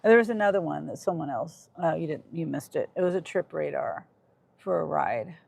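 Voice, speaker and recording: A woman's voice: low-pitched, lively intonation, brisk, gravelly, a little mellow. A woman in Kansas chatting on a casual livestream about her gig driving, reading her chat and talking in a short-tempered, trailing way. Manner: talks to chat, irritated, trailing off. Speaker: livestreaming gig delivery driver.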